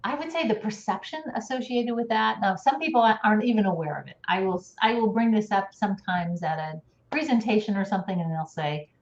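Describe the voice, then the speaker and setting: A woman's voice: mid-range voice, a little fast, hardly any pauses. Woman coach, casual explainer, laughs easily; roomy, dull call audio. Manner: explains with demonstrations, laughs often. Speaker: speech and voice coach. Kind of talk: casual live-stream chat. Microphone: video call.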